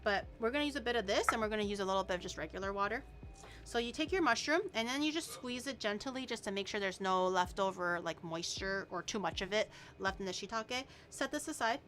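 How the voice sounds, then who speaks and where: A woman's voice: mid-range voice, animated, quick pace, a bit bright. A young woman chatting casually while cooking on her stream, explaining each step and swearing now and then.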